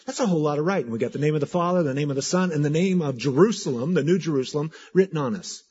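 Husky-voiced man preaching a lively sermon. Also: a little high, racing, lo-fi sound. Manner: animated, conversational, repeats words for emphasis. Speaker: pastor.

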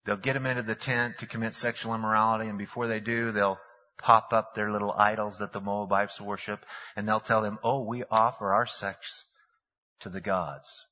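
A man's voice: on the low side, fairly even intonation, moderate pace, pushed and bright, voice pushed down. A man voicing a greedy, scheming male prophet who talks in sly, wheedling asides, recorded with long hall reverb and a dull, lo-fi sound.

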